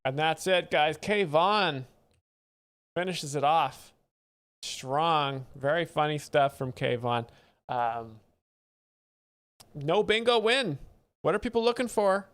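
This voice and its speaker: A man hosting a live stream, explaining stand-up jokes in a deadpan, mock-authoritative way. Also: a little high, slow pace, long pauses, clean tone. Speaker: joke-explainer host. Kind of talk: deadpan comedic commentary.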